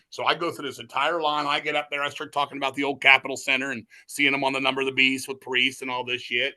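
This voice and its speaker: A man being interviewed, telling stories in a rambling, excitable, profane way, restarting his sentences often. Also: mid-range voice, fast, few pauses. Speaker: interview guest, metal musician. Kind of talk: casual storytelling chat.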